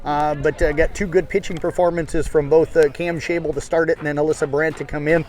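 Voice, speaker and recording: A man's voice: a little high, fairly even intonation, brisk, darkish tone. A man, a radio sports reporter, asking folksy postgame questions outdoors at a ballfield.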